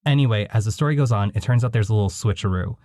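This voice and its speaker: A man's voice: on the low side, rapid-fire, noisy background. A man hosting a podcast, recapping films in a chatty, wry storytelling way. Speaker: podcast host. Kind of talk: casual podcast commentary.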